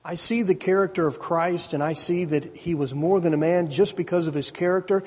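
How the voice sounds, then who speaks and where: A man's voice: on the high side, brisk, darkish tone, slightly rough. A man preaching a sermon in a conversational way, often asking his listeners questions and restarting his sentences. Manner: conversational, asks the audience questions, frequent restarts. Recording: reverberant hall.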